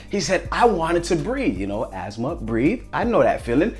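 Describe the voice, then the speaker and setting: A man's voice: on the high side, normal speed, hardly any pauses, soft background music. A man giving a casual motivational talk, acting out little stories and characters. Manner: animated storyteller, acts out characters, repeats phrases. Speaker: motivational vlogger.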